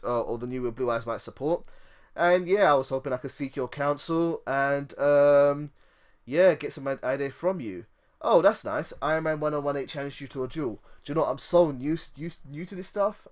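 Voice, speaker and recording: A man live-streaming a card game, chatting casually and reading card text aloud with excited reactions. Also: mid-range voice.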